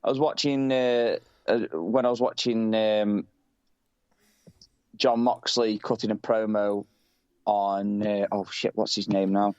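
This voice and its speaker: A man's voice: fairly low pitch, little pitch movement, takes it slowly, darkish tone, smooth, dry recording, dull audio. A British man chatting casually as a podcast co-host, rambling and swearing, often laughing. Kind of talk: casual chat.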